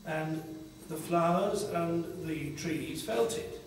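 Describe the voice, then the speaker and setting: An older man giving a slow, reflective spiritual talk at a conference panel, pausing often between phrases. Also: fairly high pitch, slight background noise. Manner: slow, reflective, with long pauses. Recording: echoey hall from far off.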